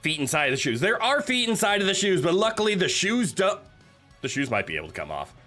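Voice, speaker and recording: A man's voice: high-pitched, very animated, fast, bright, forceful tone, faint music behind. A man streaming live, chatting casually with his viewers in a nervous, joking, giggly way. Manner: chatty, joking, talks to chat.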